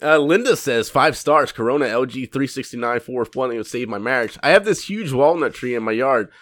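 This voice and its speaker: A man's voice: medium pitch, fairly quick, no room sound. A man co-hosting a comedy podcast, reading product reviews aloud with frequent laughter and swearing. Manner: laughs often, swears, animated. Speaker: podcast co-host.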